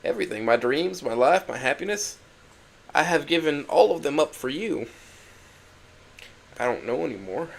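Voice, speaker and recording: A man's voice: on the high side, very animated, moderate pace, vocal fry, long pauses. A man narrating a first-person dramatic story, emotional and swinging from hurt to angry outbursts.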